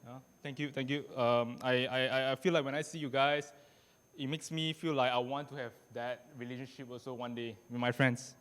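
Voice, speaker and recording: A young man giving a halting, emotional groom's speech at a beach wedding, restarting often and adding "right?" as he goes. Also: mid-range voice, fairly even intonation, fairly bright tone, in a large hall. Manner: halting, many restarts and tag questions. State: tearful. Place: outdoor beach wedding venue.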